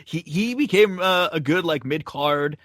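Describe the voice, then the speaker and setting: Rambling podcast host, dry close mic. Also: male voice, fairly high pitch, expressive, a little slow, fairly bright tone, no echo. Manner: rambling, many fillers and restarts, laughs often. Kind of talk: casual wrestling rewatch chat.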